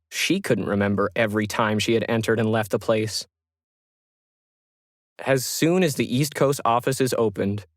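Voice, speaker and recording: A man giving measured, scripted narration of a science fiction story. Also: fairly low pitch, no room sound, clean studio sound.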